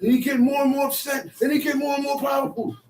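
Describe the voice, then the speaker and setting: A man leading a bible study, emphatic and animated, acting out quotes and sometimes shouting. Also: very high voice, fast talker. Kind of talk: animated spoken teaching. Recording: echoey room, mic far off, faint noise.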